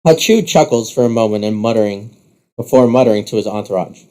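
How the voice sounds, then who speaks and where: Male narrator for second-person story, steady, warm mellow tone. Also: lowish voice, a little fast.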